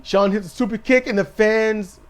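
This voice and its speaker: High-voiced man recapping wrestling. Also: moderate pace, clean tone. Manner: animated storytelling, mimics wrestlers in quotes. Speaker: podcast co-host. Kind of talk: casual wrestling recap chat.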